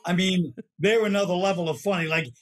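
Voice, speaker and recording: A man's voice: sits high, fairly even intonation, fairly quick. A man, chatting as a comedian guest, wry and rambling, often trailing off mid-sentence. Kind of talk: casual podcast chat.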